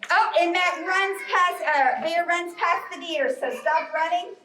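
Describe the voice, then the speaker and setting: A high-voiced woman talks slowly and gently, guiding children through storytime yoga poses. She sounds distant in an echoey library room, with a faint hiss underneath. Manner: slow, bright, encouraging instructions. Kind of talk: live storytime yoga class for kids. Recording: roomy, distant, faint noise.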